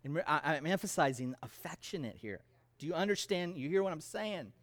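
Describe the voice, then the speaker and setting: A middle-aged male pastor delivers a sermon in an emphatic, conversational way, mixing humor into his points. His voice sits a little higher than most men's. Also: animated, a little fast, a bit bright.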